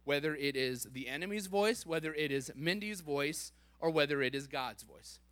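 Guy preaching, kinda high voice, jokey and lively, dry sound. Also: moderate pace, no room sound. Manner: animated, playful, laughs at himself. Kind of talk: sermon.

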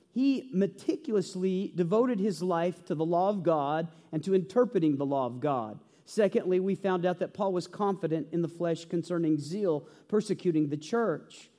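A high-pitched, mellow male voice fills a reverberant church hall as a pastor preaches. He tells a story with humor and earnest conviction during his sermon in the sanctuary.

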